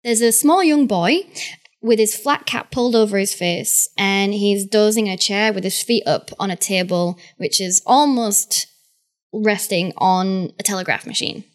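A woman's voice: medium pitch, unhurried. A woman narrating scenes as game master of a tabletop role-playing game, describing them steadily.

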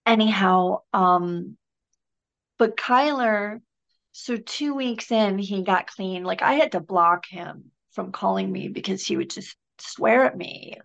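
A woman's voice: mid-range voice, slow, creaky, fairly bright tone, muffled recording. A middle-aged woman from Michigan, a podcast guest talking in a loose, rambling way with many fillers and restarts. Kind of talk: casual conversation.

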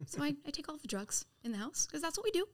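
A female podcast guest tells her story quickly in a high voice. Her speech is casual, animated and profane, and she acts out the lines she quotes.

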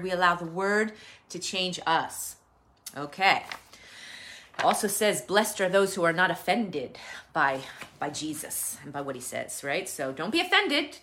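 A woman's voice: medium pitch, bright, forceful tone. A woman teaching a sermon in a casual, conversational way, with fillers and restarts. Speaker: Bible teacher.

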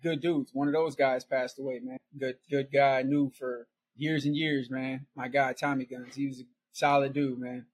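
A man's voice: mid-range voice, flat delivery, normal speed, hardly any pauses, slight background noise. A middle-aged man telling a long, rambling story in casual chat, laughing often and tagging "right?" and "man" onto his lines. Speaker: podcast guest storyteller.

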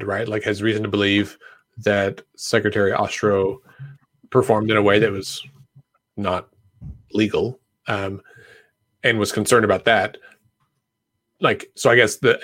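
A man's voice: on the low side, fairly bright tone, no room sound. A man hosting a podcast, explaining political news in a loose, rambling way with many fillers. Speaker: podcast host. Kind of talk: casual political chat.

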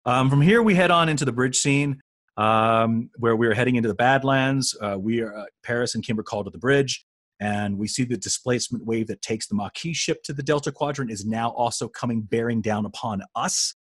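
A man's voice: medium pitch, a little fast, dry recording, studio quality. A man co-hosting a podcast, telling backstage stories in casual chat and acting out the lines he quotes. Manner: animated storyteller, acts out quoted lines. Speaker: podcast co-host.

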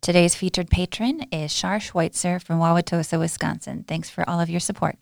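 A woman hosting an interview show, relaxed and often soft-spoken in her replies. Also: on the low side, brisk, vocal fry, faint music behind. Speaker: podcast host. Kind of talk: casual interview chat.

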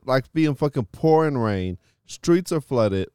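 A man talking on a casual podcast with a smooth, clear voice, recorded dry and close. He rambles and swears his way through animated rants. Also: mid-range voice, slow pace, no room sound. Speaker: podcast co-host.

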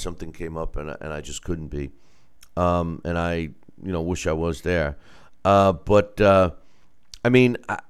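A man's voice: low voice, clean tone. A man hosting a casual boxing commentary show, giving blunt, opinionated takes.

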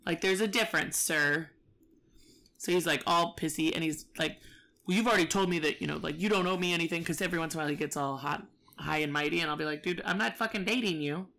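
Creaky bright-voiced woman ranting. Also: low voice, steady tone, fast. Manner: profane, exasperated storytelling. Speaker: storyteller. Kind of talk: casual chat.

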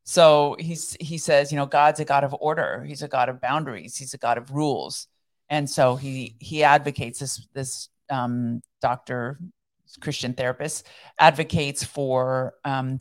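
Brief: female podcast co-host, deep voice, chatty explainer. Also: steady tone, a little slow. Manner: explanatory, chatty, laughs easily. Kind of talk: casual chat.

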